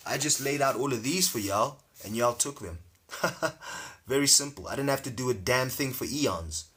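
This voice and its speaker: Brief: man doing a lazy, gloating Lucifer, bright and forceful. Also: medium pitch, expressive, normal speed. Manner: gloating, lazily bossy. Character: smug scheming Lucifer, a bodiless tempter.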